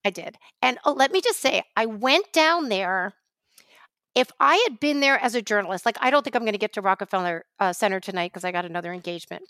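A woman co-hosting a podcast, from New York, telling a story in an animated, ranting way. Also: mid-range voice, no room sound. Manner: animated storytelling, quick rants. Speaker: podcast co-host. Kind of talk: casual chat.

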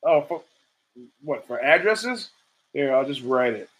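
A podcast host with an expressive, fairly bright, breathy voice talks at a measured pace on his own show. His casual monologue rambles with asides, restarts, and swearing, and he acts out quotes by raising his pitch; the recording quality is low.

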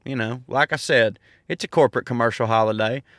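A man's voice: mid-range voice, fairly quick, fairly bright tone, no echo, clean studio sound. A man in his thirties with a Southern accent, joking and rambling through a casual outdoor monologue as a podcast host. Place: outdoors in a park.

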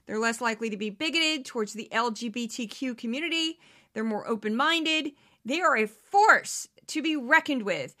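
A woman in her fifties hosting a commentary podcast, animated and self-deprecating, laughing often. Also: a little high, normal speed. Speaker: podcast host.

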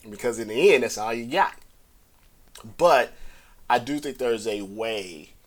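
A man's voice: medium pitch, unhurried. A man hosting a podcast, talking through sports media in a casual, rambling way and pushing his voice up to stress a point. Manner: conversational, talks in circles, rising emphasis on key points. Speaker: podcast host. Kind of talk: casual solo commentary.

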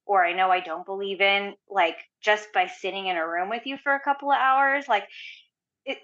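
Woman guest, casual storyteller, animated and chatty, crisp bright tone, muffled lo-fi recording. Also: medium pitch, moderate pace. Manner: chatty, heavy use of "like", animated retelling. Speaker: podcast guest. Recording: dull lo-fi audio.

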